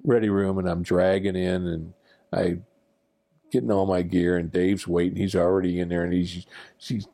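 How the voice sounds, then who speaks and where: A man's voice: sits low, flat delivery, normal speed, vocal fry, warm tone. An older man, a former military pilot, telling a rambling, self-deprecating personal anecdote with fillers and restarts. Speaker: veteran pilot recounting war memories.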